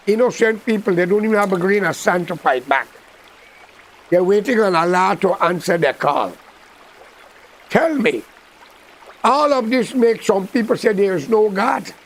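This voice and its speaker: Gravelly Guyanese man preaching bluntly. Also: high-pitched, poor audio. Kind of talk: impassioned political monologue.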